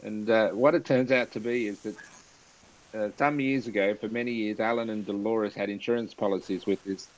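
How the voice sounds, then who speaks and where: A man's voice: fairly low pitch, fairly even intonation, normal speed, rough recording. A man hosting a casual live chat over a video call, telling anecdotes and laughing often as he goes. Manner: chatty, laughs through anecdotes.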